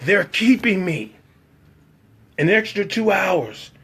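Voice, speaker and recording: Animated husky man telling a story. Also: sits high, takes it slowly. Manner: acts out other people's lines in shifting voices. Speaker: background actor telling a story.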